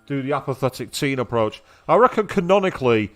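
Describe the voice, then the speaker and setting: A man's voice: medium pitch, big pitch swings, fast talker, soft background music. An English man giving casual, sarcastic commentary while playing a video game and reading its text aloud. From England. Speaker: let's play gamer.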